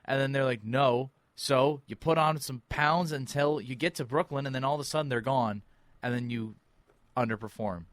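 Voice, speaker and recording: A man's voice: medium pitch, moderate pace, fairly bright tone, no room sound. A man co-hosting a sports podcast, ranting in exasperation and mocking players with quoted voices. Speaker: podcast co-host. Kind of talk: heated sports talk.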